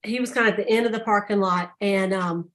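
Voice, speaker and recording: A woman telling stories on a casual sales call, chatty and animated. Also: fairly quick. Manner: chatty storyteller, acts out quotes with high voices. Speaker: sales director.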